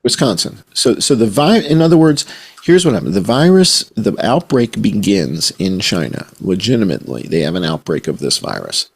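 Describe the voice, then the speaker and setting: A man, a journalist guest on a podcast, talking in an animated, conspiratorial storytelling way and swearing casually. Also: on the low side, moderate pace, gravelly, breathy edge. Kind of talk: podcast conversation.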